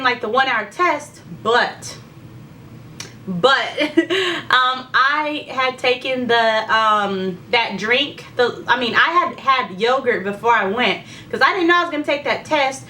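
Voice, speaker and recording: A woman's voice: high voice, moderate pace, pushed and bright, recorded from a distance, slight background noise. A young woman with heartburn chatting candidly through a pregnancy update, full of fillers and talk of faith. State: heartburn, secretly burping. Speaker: vlogger. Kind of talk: casual pregnancy update chat.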